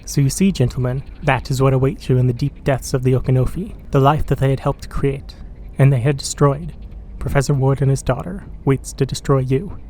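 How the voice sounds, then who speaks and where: An old man of the swamp, grim and ominous, as a man puts him on. The tone is dark and mellow. Faint swamp noise lies behind. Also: mid-range voice, fairly even intonation, a little fast, close to an everyday voice, poor audio. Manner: ominous, warning.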